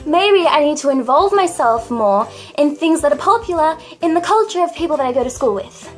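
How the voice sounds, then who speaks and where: Casting note: young Australian woman vlogger, naturally high and light voice, chatty and self-deprecating, faint music underneath. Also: expressive, a little fast. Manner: chatty, self-mocking, swears casually. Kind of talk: casual storytelling to camera.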